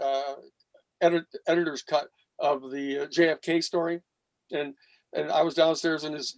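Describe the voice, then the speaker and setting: A man's voice: a little high, no room sound. A man guest on a panel show, telling long stories and acting out quoted speech with blunt, salty language. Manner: animated, acts out quoted speech with profanity. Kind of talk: storytelling in a panel discussion.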